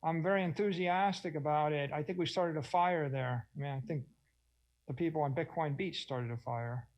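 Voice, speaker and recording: A man's voice: fairly high pitch, normal speed, a little mellow, low-quality recording. Enthusiastic man on a conference panel. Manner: enthusiastic, expansive, acts out quoted voices. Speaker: panel speaker.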